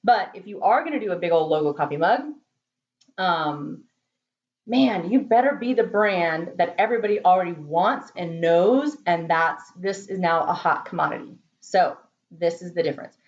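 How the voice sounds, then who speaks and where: A woman's voice: fairly low pitch, lively intonation, normal speed, lo-fi sound. A woman marketing consultant talking casually in a vlog from her home office, chatty, laughing often and repeating words for emphasis.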